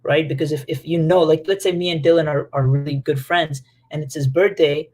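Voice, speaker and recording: A man leading a casual talk to a group about relationships, animated and chatty, with lots of fillers and playful acted-out quotes. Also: fairly high pitch, a little fast.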